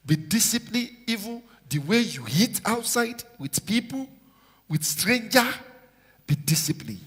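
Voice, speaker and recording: High-pitched preacher in a reverberant hall. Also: male voice, expressive, unhurried, fairly bright tone, husky. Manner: exhorting, call-and-response with congregation. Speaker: pastor. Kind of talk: sermon. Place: large church hall. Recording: live church hall with long reverb.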